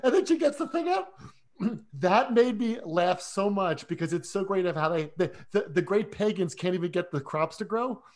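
A man with a slightly higher voice co-hosts a casual chat about films. He talks eagerly and with animation, tripping over himself and repeating words as his thoughts race ahead. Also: animated, moderate pace. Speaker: podcast co-host. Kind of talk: casual film discussion.

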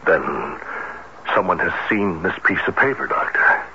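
A deep-voiced, probing police captain. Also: male voice, animated. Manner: brisk, questioning, plainspoken. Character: probing middle-aged male police captain. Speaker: police detective. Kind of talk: old-time radio drama acting. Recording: dull lo-fi radio broadcast with faint hiss.

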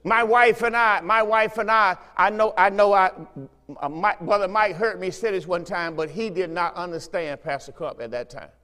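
A man's voice: high-pitched, moderate pace, pushed and bright, smooth, big-room sound. A man preaching a fervent sermon as pastor, repeating phrases and urging his listeners on. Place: church sanctuary.

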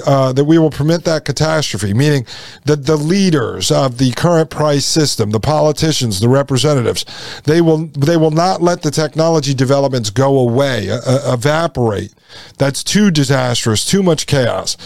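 A man's voice: a little high, darkish tone, no room sound, clean studio sound. A man hosting a political commentary podcast, emphatic and repetitive, often calling his listeners folks. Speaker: podcast host.

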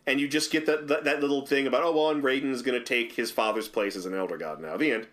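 Man, co-host, casual chat, wry, deadpan quips. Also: mid-range voice, fast. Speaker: podcast co-host. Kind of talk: casual film review chat.

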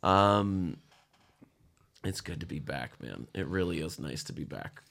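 A man's voice: low voice, expressive, a little slow, gravelly, fairly bright tone. A man joking dryly with friends in a casual comedy chat. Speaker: podcast guest.

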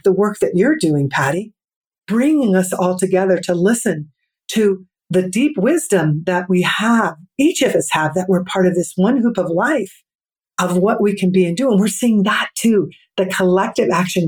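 A middle-aged woman, a podcast guest, telling a personal story in an earnest, reflective way and slowing down for emphasis. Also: medium pitch, a little mellow, slightly rough. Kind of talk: storytelling in an interview.

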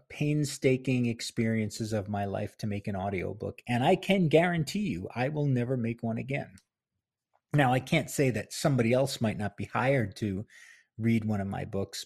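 A man hosts a relaxed solo podcast from his home office, speaking into a close mic. His voice is a bit husky at an ordinary pitch, and he's unhurried. He rambles in a chatty, self-deprecating way and laughs often.

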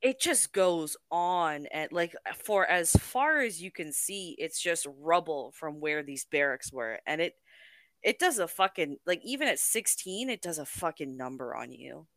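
A woman co-hosting a podcast, talking in a relaxed, conversational way with filler words. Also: sits low, unhurried, no echo. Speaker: podcast co-host. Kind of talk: casual chat.

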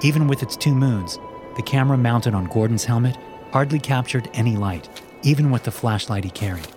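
A man narrating a horror story in a steady storytelling voice. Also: medium pitch, a little fast. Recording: loud background music.

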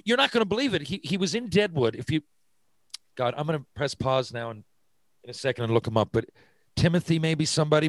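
A man from Newfoundland hosting a casual interview, excitable and quick to jump in with asides. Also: high voice, dry recording. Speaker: podcast host.

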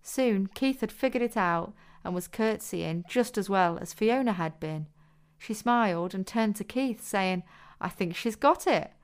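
A woman reads a story aloud in a steady, measured manner. Her voice sits at an ordinary pitch and comes through smooth and clear. It is plain scripted narration.

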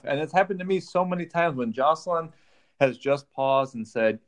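A man's voice: medium pitch, fairly quick. Earnest male relationship coach. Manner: earnest, acts out quoted dialogue. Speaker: relationship coach, podcast guest. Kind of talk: casual podcast interview.

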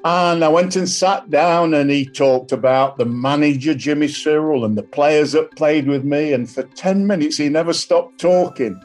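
A man's voice: fairly high pitch, normal speed, few pauses, darkish tone. Give me an older man recounting a story with feeling, over faint music. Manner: earnest, anecdotal. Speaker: club ambassador. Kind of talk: storytelling in an interview.

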